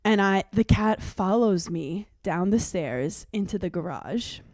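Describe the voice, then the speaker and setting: A woman's voice: medium pitch, unhurried, no room sound. Young woman, podcast co-host, casual storytelling, dry close mic. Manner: animated storyteller, acts out voices.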